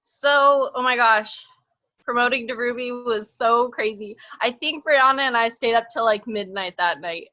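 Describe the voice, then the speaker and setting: A bubbly woman chatting casually, her voice sitting a bit high and sounding bright and forceful. She laughs often and scatters "like" everywhere. The sound is dry and a little muffled. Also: no echo. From northern Idaho, US. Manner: bubbly, laughing, many "like" fillers. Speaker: team member sharing her story. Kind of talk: casual chat.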